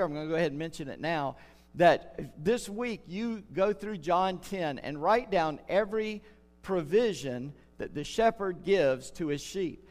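An older pastor preaches in a hall with long reverb, his voice sitting a little high for a man. He speaks earnestly and slows down to lean on the words that matter. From United States. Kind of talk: sermon.

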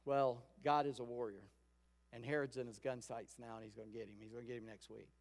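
A pastor giving a sermon in a conversational storytelling way, acting out quoted lines. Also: male voice, medium pitch, flat delivery, fast. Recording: long hall reverb.

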